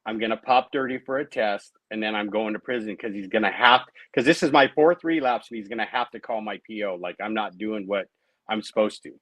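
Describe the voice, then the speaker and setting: A man's voice: on the low side, a little fast, a bit bright, no room sound, low-quality recording. Candid man telling his recovery story. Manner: conversational, many tag questions and fillers. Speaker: guest. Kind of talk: personal recovery story in an interview.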